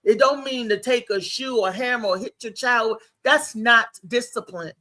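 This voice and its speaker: A woman with a bright, forceful voice hosts a relaxed talk show. She tells family stories in an animated, storytelling way, often breaking into laughter. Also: a little high, normal speed. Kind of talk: casual chat.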